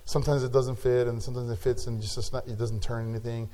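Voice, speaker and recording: A male pastor preaching a sermon, building to emphatic peaks and dropping to quiet, drawn-out words. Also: mid-range voice, level tone.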